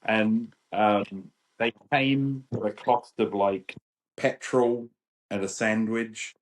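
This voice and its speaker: A man in his fifties with a British English accent, chatting as a podcast guest. He tells his stories with animated energy and slips into the voices of the people in them. His voice sits a little low. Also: slow, rough recording. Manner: animated, acts out quotes. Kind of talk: storytelling chat.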